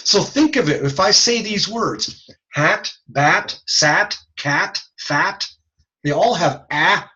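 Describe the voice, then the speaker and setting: A man lectures on hearing and speech sounds in a recording, relaxed and lively as he frequently demonstrates sounds out loud. He has a high-pitched voice and takes his time. The high frequencies are cut off.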